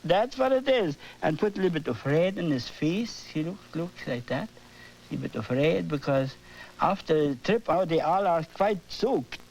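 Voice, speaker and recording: An older man with a German accent, teaching oil painting on his TV show, animated and often asking "you see?". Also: on the high side, moderate pace, creaky, muffled recording. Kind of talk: painting demonstration. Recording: worn 1980s videotape audio with hum.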